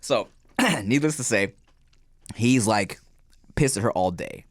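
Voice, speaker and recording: Podcast co-host, male, casual and animated, voices the people in his stories, dry recording. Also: on the low side, slow, no echo. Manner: animated storyteller, acts out quoted voices, laughs a lot.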